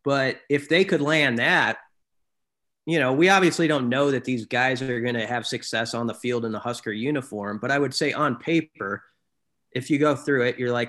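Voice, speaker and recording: Casting note: mid-pitched male co-host, relaxed, rambling, self-correcting delivery. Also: normal speed. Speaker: sports talk co-host. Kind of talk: casual sports chat.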